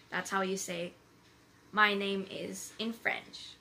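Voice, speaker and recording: A woman giving a casual vlog lesson, slowly repeating each phrase carefully as an amateur tutor. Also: medium pitch, fairly even intonation, pushed and bright, a little hiss or hum.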